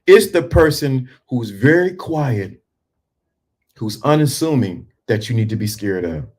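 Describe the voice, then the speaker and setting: A man's voice: mid-range voice, a little slow, husky. Emphatic male motivational speaker. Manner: emphatic, swings from punchy to hushed and calm. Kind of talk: motivational talk to men.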